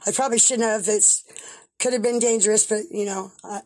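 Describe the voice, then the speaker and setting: A woman's voice: medium pitch, a little fast. A woman telling her own story in casual speech, blunt and profane, acting out what people said. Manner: animated, blunt and profane, acts out quoted dialogue. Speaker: interviewee recounting events.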